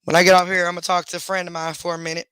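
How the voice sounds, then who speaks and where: A woman's voice: lowish voice, flat delivery, very fast, fairly bright tone, clear, resonant tone, no room sound, clean studio sound. A woman hosting a casual livestream, scolding her dogs and chatting to her viewers. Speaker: livestream host.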